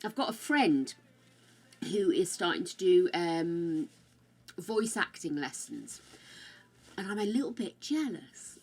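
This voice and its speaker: Husky and expressive, with a mid-range pitch, this older woman from the UK talks unhurriedly during a casual game livestream. She calls her viewers darling and dearie, and her British accent keeps shifting between regional varieties.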